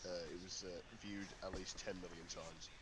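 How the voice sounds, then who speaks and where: A man pitching himself in an online party game, talking with many ums and pauses. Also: little pitch movement, noisy background. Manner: hesitant, full of ums and self-interruptions. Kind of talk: casual chat over voice call.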